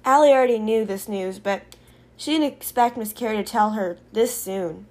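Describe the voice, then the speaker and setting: A woman's voice: mid-range voice, moderate pace, a little mellow. Lady narrating her own story, chatty recap, easygoing. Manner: informal, recapping with fillers.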